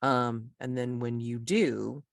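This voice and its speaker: A mid-pitched game master explains rules in a loose, rambling way, full of fillers and restarts. The sound is dry and close, with no room around the voice. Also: steady tone, slow, gravelly, dry recording. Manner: casual, rambling with many fillers. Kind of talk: running a tabletop game.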